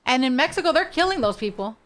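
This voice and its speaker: A woman's voice: high-pitched, expressive, quick pace. A woman guest on a podcast, talking frankly and animatedly about spiritual practice, laughing easily. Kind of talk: casual podcast chat.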